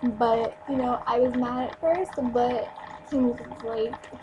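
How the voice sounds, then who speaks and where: Blunt high-voiced young woman on webcam. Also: moderate pace. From New Jersey. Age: young adult. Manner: blunt, emphatic, swears freely. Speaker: store clerk venting on a vlog. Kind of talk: casual webcam rant. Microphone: built-in webcam mic. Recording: noisy webcam recording.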